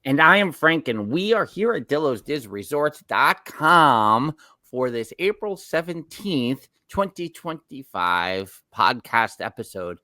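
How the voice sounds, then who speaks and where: A New York–accented man in his forties co-hosts a casual theme park podcast, speaking with a medium pitch, a slow pace, and a sharp tone while being very animated. He tells rambling stories and keeps correcting himself mid-sentence; the recording is dry.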